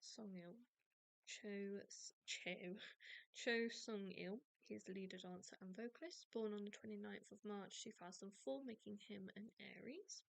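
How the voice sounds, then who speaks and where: A woman's voice: mid-range voice, a little slow, gravelly, dry recording. A young English woman hosting a podcast, chatting casually and rambling with many restarts and self-deprecating asides. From England. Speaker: podcast host. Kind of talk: casual chat.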